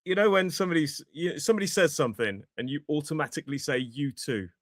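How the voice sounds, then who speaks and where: British man, English teacher, podcast co-host, animated, swooping voice, dry close sound. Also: fairly high pitch, rapid-fire, no echo. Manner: animated, exclaims and laughs. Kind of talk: casual chat.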